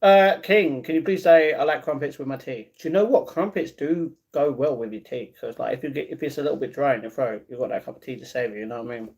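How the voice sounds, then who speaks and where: A man's voice: mid-range voice, quick pace, few pauses, darkish tone. A man in his twenties casually chatting on a live stream, reading viewers' comments aloud and restarting his sentences often. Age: 20s. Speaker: livestreaming vlogger.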